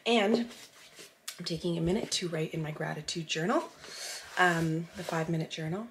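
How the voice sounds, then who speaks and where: A woman's voice: low voice, moderate pace, background noise. A woman, a mom vlogging at home in easy casual chat that is full of "like". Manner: chatty, peppered with "like".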